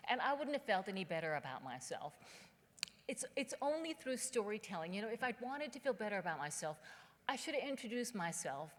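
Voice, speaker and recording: A woman's voice: mid-range voice, sing-song, brisk. A woman from southern West Virginia, giving a keynote speech as a humorous, conversational storyteller on a theater stage. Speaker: keynote speaker. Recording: long hall reverb.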